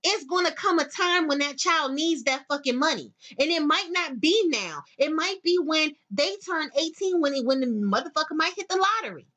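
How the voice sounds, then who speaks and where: A middle-aged woman hosting a show, delivering a blunt, profane, animated rant in casual monologue. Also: sits high, normal speed, few pauses. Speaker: podcast host.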